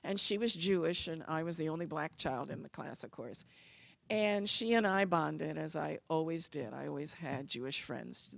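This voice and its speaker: A woman from the United States telling personal stories in an expressive, animated manner. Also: deep voice, vocal fry, no echo. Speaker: speaker. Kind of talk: personal storytelling talk.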